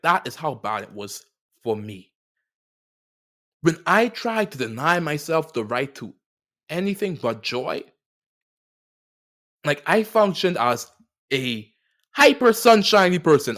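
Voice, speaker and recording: A young man hosting a solo podcast, talking reflectively and with animated, playful riffs that swing widely in pitch and loudness. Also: moderate pace. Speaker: podcast host.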